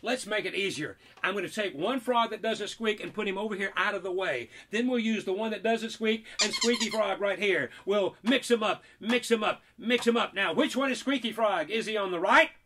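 A man with a high voice talks children through a magic trick in playful patter. He teases and feigns indignation. His tone is bright and forward, with a faint hiss of noise behind it. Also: normal speed, hardly any pauses. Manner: playful, teasing, mock-indignant.

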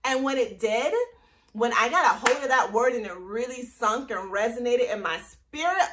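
A woman's voice: fairly high pitch, expressive, a little slow, sharp tone. A woman in her thirties sharing a personal testimony in a casual, bubbly vlog, laughing often. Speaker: vlogger.

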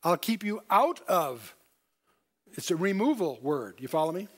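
A man's voice: high-pitched, sing-song, measured pace, fairly bright tone. An older man giving a verse-by-verse Bible lesson, stressing key points and asking his listeners questions. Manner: emphatic, repeats key points, asks the audience questions. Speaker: Bible teacher.

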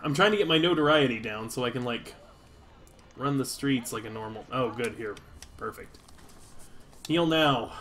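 A man hosting a let's play, talking through the game and shouting and swearing at it. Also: mid-range voice, moderate pace, pauses often, slight background noise. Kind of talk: gameplay commentary.

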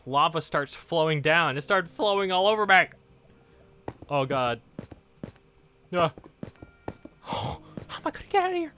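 A man giving casual Let's Play commentary to his viewers, excitable, exclaiming and laughing often. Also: high voice, dry recording. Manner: talks directly to viewers. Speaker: gaming YouTuber.

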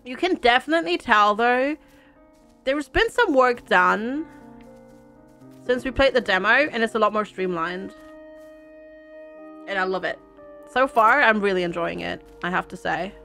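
A woman's voice: medium pitch, lively intonation, unhurried, long pauses, sharp tone, soft background music. A woman streaming a video game, chatting casually with viewers, giggly and reading game text aloud. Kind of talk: casual let's-play chat.

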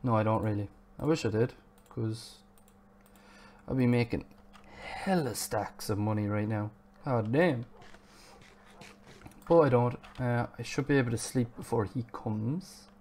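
A man's voice: mid-range voice, unhurried, pauses often, a little mellow, a little hiss or hum. A man streaming a video game live, chatty and self-mocking, and swearing at the game now and then. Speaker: gaming streamer. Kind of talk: live gameplay commentary.

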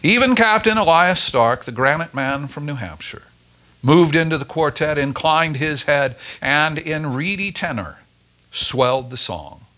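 Expressive male storyteller. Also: a little high, a little slow. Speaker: story reader at a church Advent service. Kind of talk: scripted story reading.

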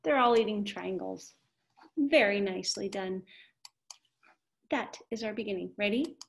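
A woman's voice: mid-range voice, measured pace, creaky. A woman teaching a kindergarten math video lesson, cheerful and encouraging, with an exaggerated voice for young children.

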